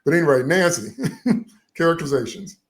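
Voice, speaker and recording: Host: man, slightly high voice, incredulous, laughs between points. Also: lively intonation, moderate pace. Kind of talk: casual film review chat.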